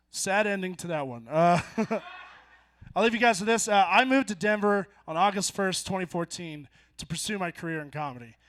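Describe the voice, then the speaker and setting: A young man in his twenties performing a stand-up set on a bar stage, telling stories deadpan and then jumping into loud punchlines. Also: high voice. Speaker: stand-up comedian. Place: bar stage before a live audience.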